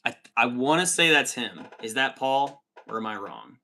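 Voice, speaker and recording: A man's voice: mid-range voice, animated, moderate pace, sharp tone. A man in his thirties hosting a livestream, chatting casually and swearing often while reading out chat comments. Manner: profane, rambling, says dude a lot.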